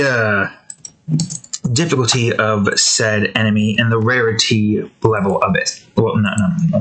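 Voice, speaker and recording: A man's voice: on the low side, a little slow, long pauses, a bit bright, rough recording. A man giving casual, rambling commentary while he draws, often correcting himself and stopping for breath. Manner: rambling, self-correcting, many fillers. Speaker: drawing video creator.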